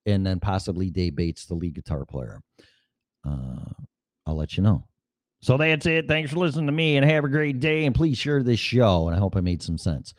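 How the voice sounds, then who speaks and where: A middle-aged man runs his podcast by himself, speaking in a rambling, offhand and profane manner. His voice leans low with lively intonation at a moderate pace, and the studio mic and mixer produce a dry, clean sound.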